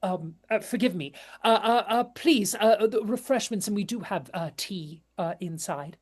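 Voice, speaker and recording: Casting: man voicing a fawning witch hostess, tall and raven-haired, halting and full of fillers, soft-spoken in a tabletop game. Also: fairly high pitch, animated, voice pushed up, natural voice. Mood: hushed admiring.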